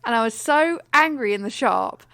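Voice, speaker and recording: Speaking at a normal speed, this young British podcast co-host has a slightly high, somewhat bright voice with lively intonation, a creaky edge, and a clean tone. She vents exasperatedly about daily annoyances in casual conversation before laughing at her own expense.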